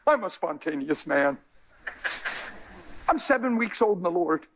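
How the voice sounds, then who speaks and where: A man giving an emotional spoken testimony to a church, impassioned and emphatic, his voice swinging from high cries to low murmurs. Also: lively intonation, normal speed, a bit bright, lo-fi sound.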